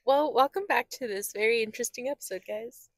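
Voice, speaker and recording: A woman's voice: fairly high pitch, fairly quick, dry recording. Giggly woman podcast co-host, dry sound. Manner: giggly, playful, slips into silly accents. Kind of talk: casual chat.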